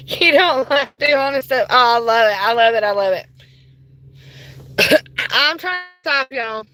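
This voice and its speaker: A woman livestreaming a ghost investigation from her car on a phone, politely addressing spirits and bursting into excitement. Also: sits high, a little slow, pauses often, low-quality recording. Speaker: paranormal livestreamer. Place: inside a car.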